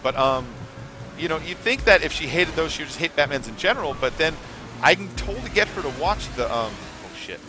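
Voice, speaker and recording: A man's voice: a little high, animated, fairly quick, noisy background. A man hosting a live gameplay stream, chatting in a rambling, casual way, swearing now and then and reading chat messages aloud. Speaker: gaming livestream host.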